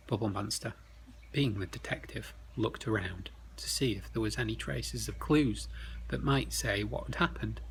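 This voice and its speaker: A man telling a bedtime story, slow and expressive, often dropping to hushed tones. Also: lowish voice, creaky, slight background noise, low-quality recording.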